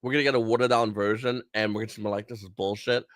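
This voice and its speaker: A man's voice: medium pitch, steady tone, very fast, fairly bright tone, no room sound. A man from Brooklyn, a podcast guest in a casual chat who talks bluntly and profanely and laughs between his points. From Brooklyn, New York.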